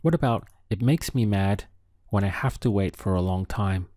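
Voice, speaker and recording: A man teaching a language lesson, enunciating each phrase slowly and carefully. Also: on the low side, warm tone, no echo, clean studio sound.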